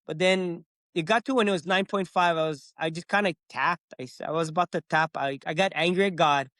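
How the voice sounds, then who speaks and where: A middle-aged man talks fairly quickly in a slightly high voice, with no echo. Appearing as a podcast guest, he tells his own story in a casual, animated way and acts out his earlier words.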